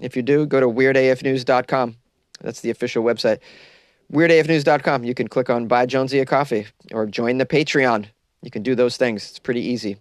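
A man's voice: mid-range voice, fairly even intonation, brisk, dry recording, studio quality. A young man hosting a comedy podcast from a closet, rambling loosely and mocking himself while caffeinated and stoned.

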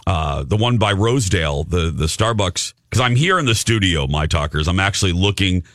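A man's voice: sits low, lively intonation, moderate pace, a bit bright, dry recording. A man hosting a morning radio show, telling self-mocking stories in casual studio chat. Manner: chatty storyteller, self-mocking.

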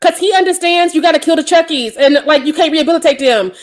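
A woman's voice: sits high, fast talker. A woman co-hosting a casual podcast, blunt and profane, laughing often. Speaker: podcast co-host.

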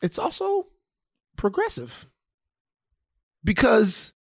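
Animated, slightly high-voiced male podcaster. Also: vocal fry, no echo, clean studio sound. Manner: animated, profane, halting restarts. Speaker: podcast co-host. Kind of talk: casual storytelling chat.

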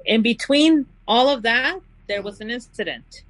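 Brief: woman narrating true crime on a podcast, deliberate reading, dry close mic. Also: fairly high pitch, dry recording, rough recording. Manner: reads quoted notes slowly and deliberately. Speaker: podcast co-host telling the story.

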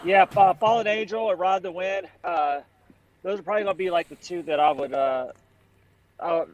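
A man's voice: high voice, normal speed, rough recording. A man chatting casually on a podcast, rambling with many fillers and calling people man and dude.

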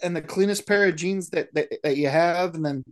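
A man's voice: fairly high pitch, brisk, over a noisy crowd. A man co-hosting a podcast, trading jokes in casual banter about a film. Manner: joking banter. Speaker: podcast co-host. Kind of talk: casual film-review chat.

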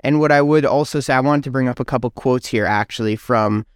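An upbeat man co-hosting a casual sports podcast, running through quick analysis. His voice is smooth and resonant at a middle pitch. The sound is dry and close, with no room around it. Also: no echo. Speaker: podcast co-host.

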